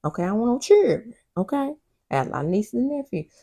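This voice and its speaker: A woman voicing a smooth-talking man who keeps pressing for more children, in a persistent, coaxing way. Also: on the high side, very animated, quick pace, dark tone, pitched above the performer's own voice, full character voice.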